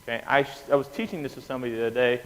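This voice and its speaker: Animated male lecturer in an echoey hall. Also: medium pitch, racing. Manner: animated, asks the class questions, keeps saying "okay?". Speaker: anesthesia lecturer. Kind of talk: classroom lecture. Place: lecture room. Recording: reverberant hall with faint noise.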